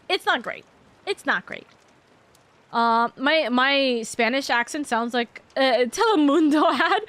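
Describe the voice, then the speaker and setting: High-pitched young woman streamer, loose, playful, rambling chat with frequent swearing. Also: a bit bright. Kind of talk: casual livestream chat.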